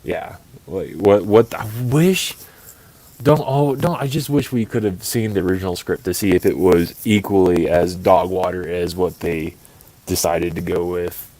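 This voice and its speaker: Podcast co-host: man, very low pitch, rambling casual delivery. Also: measured pace, dark tone, poor audio. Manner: rambling, many restarts and fillers. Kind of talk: casual chat.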